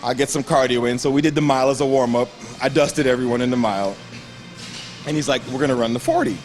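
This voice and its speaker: A young man with a Grenadian accent tells his story in an easygoing interview at a gym, laughing often and taking on the voices of the people in it. His voice sits at a middle pitch, and faint music plays behind him. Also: fast. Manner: animated storyteller who acts out quoted voices and laughs often. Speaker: interview guest, bodybuilder.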